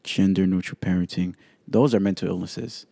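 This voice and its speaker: A man hosts his own podcast alone, his voice pitched low with a warm, mellow tone. He talks bluntly and swears freely, firing off strong opinions. The recording is dry and close. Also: fairly even intonation, moderate pace, creaky, no echo. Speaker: podcast host. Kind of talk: casual solo podcast commentary.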